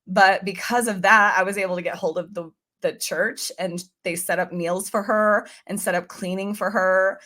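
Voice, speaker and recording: A woman's voice: medium pitch, fairly even intonation, normal speed, few pauses, fairly bright tone. A woman guest on a podcast, telling a personal story in an earnest, chatty way and acting out her own past thoughts.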